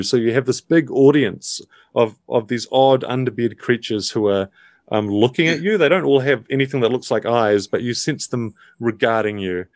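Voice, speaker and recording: A man runs a tabletop game with a relaxed, hesitant style, often pausing on fillers. His voice is recorded dry and close. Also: medium pitch, no room sound. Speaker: game master.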